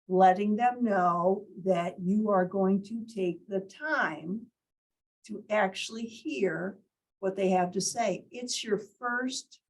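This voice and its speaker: A woman's voice: mid-range voice, rough recording. A woman leading a workshop in an indoor meeting room, teaching and quizzing the group, demonstrating different tones of voice. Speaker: workshop leader. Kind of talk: interactive teaching talk.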